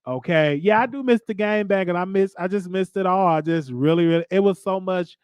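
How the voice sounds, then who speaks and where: A man's voice: high voice, a little fast, clear, resonant tone, no echo. Rambling Chicago man, close dry voice. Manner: rambling, repeats himself, stammers. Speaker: show host. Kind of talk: casual solo chat.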